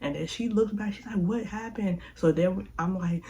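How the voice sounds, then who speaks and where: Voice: medium pitch, brisk, hardly any pauses, low-quality recording. A young adult vlogger telling a personal story casually, acting out quotes and filling gaps with "like" and "da, da, da.". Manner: animated, acts out quotes, says "like" and "da da da" a lot.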